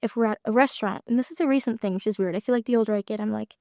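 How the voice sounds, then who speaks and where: An actress chatting as an interview guest, giggling often and trailing off with lots of fillers. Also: female voice, a little high, very fast, mellow, no room sound, clean studio sound. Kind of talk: casual interview chat.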